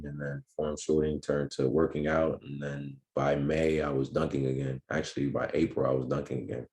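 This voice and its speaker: Very deep-voiced young man telling stories. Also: flat delivery, normal speed, a little mellow. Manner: laid-back, filler-heavy storytelling. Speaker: podcast guest, pro basketball player. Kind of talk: casual interview storytelling.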